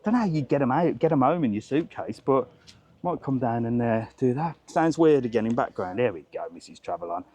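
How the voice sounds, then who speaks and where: A middle-aged travel vlogger walks through an outdoor market chatting casually, ranting and laughing often. His mid-range voice is warm, a little fast and lively in intonation, picked up by a clip-on mic that is later removed.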